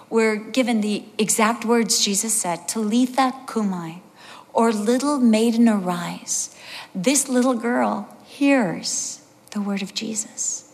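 In a large hall, a woman in her sixties preaches a sermon in a mid-range voice. She tells stories with animation and acts out the voices of the people in them.

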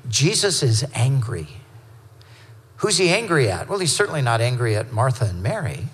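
A man preaching a sermon, teaching through scripture verse by verse in a conversational way, with quick asides and self-corrections. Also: mid-range voice, very animated, breathy edge, big-room sound. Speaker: pastor.

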